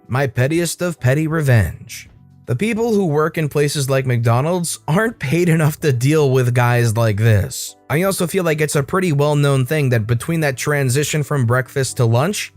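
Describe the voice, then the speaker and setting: A man reads out online stories in a scripted narration, his voice fairly high and very animated, rising and falling across each line. Soft music plays faintly behind him. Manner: lively, expressive reading with asides to viewers.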